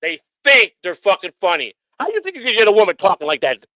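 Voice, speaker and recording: A middle-aged man hosts his own livestream. He rants at critics in a combative, profane way. His voice sits a little high for a man and is recorded close and dry, with no room sound. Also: wildly swooping pitch, quick pace, pushed and bright, dry recording, poor audio. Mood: angry. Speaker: livestream host. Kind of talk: angry livestream rant.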